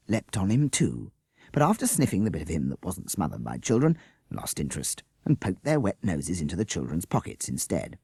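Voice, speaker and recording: A man reading a children's storybook aloud with a lively, expressive delivery. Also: low-pitched, gravelly, husky, no echo, studio quality. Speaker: audiobook reader. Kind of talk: storybook narration.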